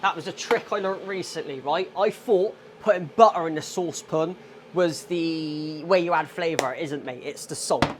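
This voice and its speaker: A man with a strong Bristolian accent talks loosely and casually to his viewers while cooking in his flat, calling them mate and swearing freely. His voice sits a little high for a man. He is picked up on a small clip-on mic. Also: moderate pace, background noise. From England. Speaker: vlogger. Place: home kitchen in a flat. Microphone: small wireless clip mic.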